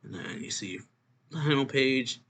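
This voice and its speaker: Man, manga reviewer, bright tone, casual recap that reads out the dialogue. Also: mid-range voice, lively intonation, moderate pace, gravelly, husky. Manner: reads character lines aloud in a lightly raised voice, with restarts and chuckles.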